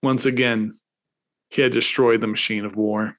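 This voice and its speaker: A man's voice: flat delivery, moderate pace, fairly bright tone. A man, host and author, reading his satirical short story aloud with dramatic swings. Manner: dramatic, swings into high pitch at comic peaks.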